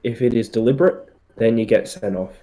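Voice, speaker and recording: A man co-hosting a podcast, giving firm opinions in relaxed casual chat with plenty of fillers. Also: medium pitch, fairly quick. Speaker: podcast co-host.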